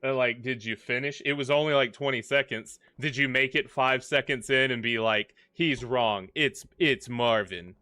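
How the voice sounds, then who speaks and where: Man, game streamer, casual commentary, jokey, bright, close dry mic. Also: mid-range voice, fairly even intonation, moderate pace, hardly any pauses, clear, resonant tone, dry recording. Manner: chatty, jokey, talks to the game characters. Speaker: gaming livestream host.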